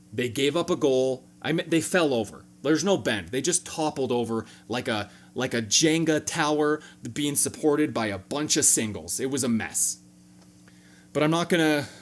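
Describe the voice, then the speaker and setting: Speaking at a medium pitch, this man runs a sports fan reaction video. His breakdown of the game is casual and full of jokes, punctuated by abrupt, animated leaps in energy.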